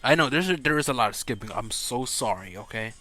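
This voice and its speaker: A man's voice: mid-range voice, lively intonation, fast, sharp tone, faint music behind. A man telling an improvised fan story in a casual, rambling way, stumbling and correcting himself.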